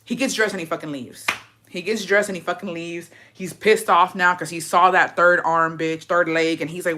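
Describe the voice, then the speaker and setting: A woman's voice: fairly low pitch, moderate pace. A young woman casually recapping a show, swearing freely and acting out the characters' lines as she tells it. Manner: profane, animated storytelling with put-on quotes. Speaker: vlogger.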